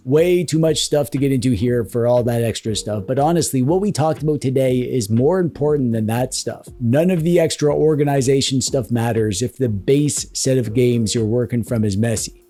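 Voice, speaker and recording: A man with a mellow, warm tone talks through a tech tutorial, walking the listener through each step in a relaxed, conversational way. Soft music plays faintly behind him. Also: mid-range voice. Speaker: tech YouTuber host. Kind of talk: casual tutorial explanation.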